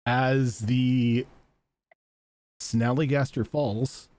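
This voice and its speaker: A man narrating a tabletop game as game master, halting often on fillers. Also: medium pitch, fairly even intonation, a little mellow, no room sound.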